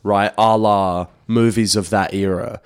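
A man with a fairly low voice talks casually as a radio co-host. He is laid-back and slangy. The recording is dry and close. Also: steady tone, a little slow, clean tone, no room sound.

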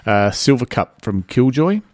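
A man's voice: mid-range voice, sing-song, measured pace, a little mellow, dry recording, studio quality. A man with an Australian accent hosting casual breakfast radio, back-announcing songs with loose, chatty asides. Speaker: radio host.

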